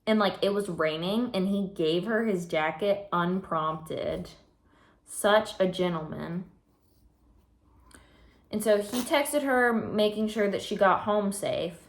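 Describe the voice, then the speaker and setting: Slightly breathless, a teen girl chats through a filler-heavy story for her casual vlog as she works on something in her room. She speaks slowly at a medium pitch, and the sound is reverberant.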